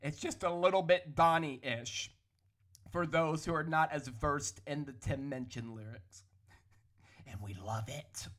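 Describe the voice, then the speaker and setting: A man with a slightly high, hoarse voice rants on his own podcast, close to the microphone. He talks in an animated, opinionated way and keeps hedging his claims. His voice sounds worn out from long talking. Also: unhurried. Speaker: podcast host. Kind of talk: solo ranting podcast monologue. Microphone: studio podcast microphone.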